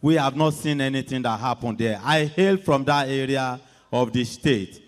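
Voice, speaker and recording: A man's voice: mid-range voice, moderate pace. A man with a Nigerian English accent, an audience member who stumbles and corrects himself while asking a question. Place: large conference hall. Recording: long hall reverb.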